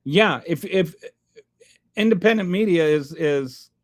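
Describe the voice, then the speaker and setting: A man's voice: on the high side, lively intonation, unhurried. A man hosting a live stream, reading chat aloud and answering with sarcastic, rambling commentary full of restarts.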